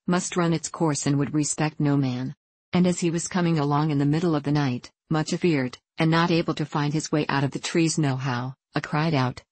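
A woman's voice: sits low, darkish tone, no echo. A woman reading a classic novel aloud as an audiobook narrator, giving the rustic characters a country dialect. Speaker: audiobook reader.

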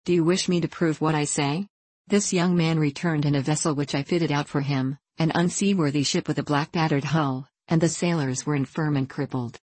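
A woman's voice: low voice, fairly even intonation, normal speed, darkish tone, no echo. A woman reading aloud voices a bold, assured young prince who captains a ship in a fairy tale. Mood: accusing.

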